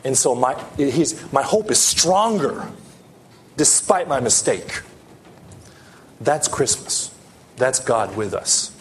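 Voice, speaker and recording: Slow, earnest male preacher. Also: medium pitch, expressive, a little hiss or hum. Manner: earnest, rising emphasis and soft drops. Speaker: pastor. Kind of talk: sermon.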